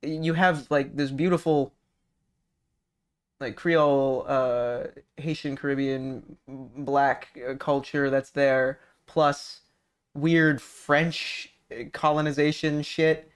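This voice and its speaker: He's a man from California with a fairly high, clean-toned voice who speaks slowly. On his stream he reads viewer messages and chats loosely, swearing, rambling, and starting sentences over in an animated way.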